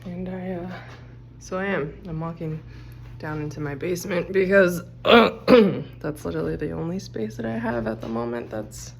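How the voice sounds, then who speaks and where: Low-voiced woman vlogging from home. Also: moderate pace, vocal fry, reverberant, a little hiss or hum. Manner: rambling, chatty, filler-heavy. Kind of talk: casual chat. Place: basement and rooms of a house, indoors. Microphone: handheld phone.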